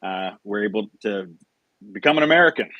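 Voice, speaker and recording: A man's voice: lowish voice, lively intonation, fairly quick, bright, forceful tone, no room sound, lo-fi sound. A male host in a casual live chat, easygoing, asking questions and laughing along with his guest.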